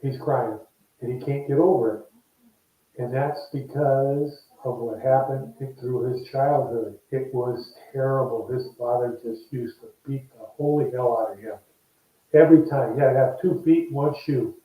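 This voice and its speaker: With a mid-range voice and a measured pace, this older ex-ballplayer recounts stories in a casual interview, animatedly acting out everyone he quotes. The recording is a dull, echoey, distant remote line.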